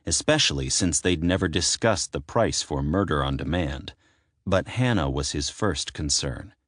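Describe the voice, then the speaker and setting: A man with a very deep, low voice reads a novel aloud. His narration is measured and dramatic. The recording is dry and close, with no room sound. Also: dry recording. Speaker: audiobook narrator. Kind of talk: scripted narration.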